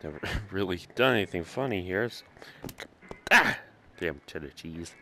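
A man giving casual, jokey gameplay commentary, swearing freely and laughing a lot. His voice sits low, but its tone is bright and forward, and it jumps around with lively pitch. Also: moderate pace, a little hiss or hum. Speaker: gamer.

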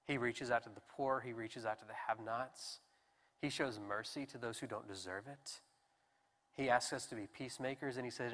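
A young adult male pastor giving an animated, conversational sermon. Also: medium pitch, long reverb tail. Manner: animated, conversational preaching with restarts. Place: church sanctuary.

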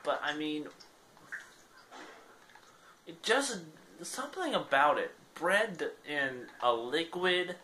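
A man's voice: fairly high pitch, big pitch swings, takes it slowly, long pauses, sharp tone, slight background noise. A young man giving casual gameplay commentary, rambling and self-deprecating. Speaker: gaming channel host.

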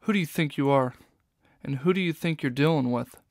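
A man's voice: a little high, a little fast, no echo, studio quality, close to an everyday voice. A man voicing a tough female fox police inspector in a storybook, with stern, snapping retorts. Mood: angry.

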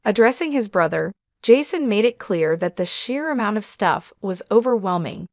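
A woman narrates a scripted first-person story in a steady, measured way. Her voice sits at a middle pitch and sounds dry and close, with no room echo.

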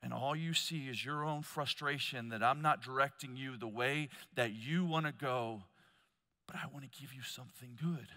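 A man preaching at a conference, telling stories with loud emphatic bursts and quiet low asides. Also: normal speed. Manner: storytelling, swings between loud emphasis and hushed low asides. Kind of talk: conference sermon. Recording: long hall reverb.

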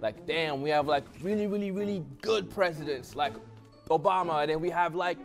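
A man rambling hesitantly on a dating game, his put-on accent slipping in and out. His voice sits somewhat high, with faint music underneath. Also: fairly quick.

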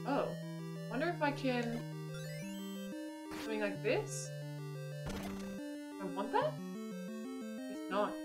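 Excitable Australian woman in her twenties. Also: a little high, slow pace, pauses often, over loud music. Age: 20s. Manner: excitable, laughs often, exclaims at discoveries. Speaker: game streamer. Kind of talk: casual gameplay commentary.

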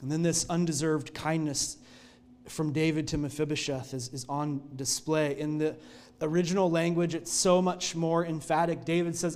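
A male pastor preaching a sermon in a church, telling the story in an earnest, expressive way. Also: a little high, normal speed.

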